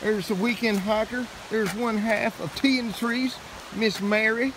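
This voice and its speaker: A man vlogging casually outdoors by a creek, excited and playful, talking into a handheld camera. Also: high-pitched, a little slow, background noise. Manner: excited, playful, sing-song. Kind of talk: casual trail vlog chat.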